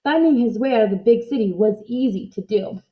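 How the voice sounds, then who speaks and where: Woman narrator, expressive read-aloud storyteller, higher pitch; dull lo-fi recording. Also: a little fast, a little hiss or hum. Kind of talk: reading a children's book aloud.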